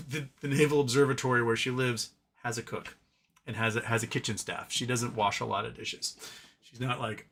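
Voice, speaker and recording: A man with a bright, forceful voice hosts a casual livestream from home, reading out viewer comments. He rambles and restarts, trailing into loose opinionated asides. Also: mid-range voice, steady tone, normal speed, slightly rough. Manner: rambling, opinionated, drops to a mumble talking to his cat.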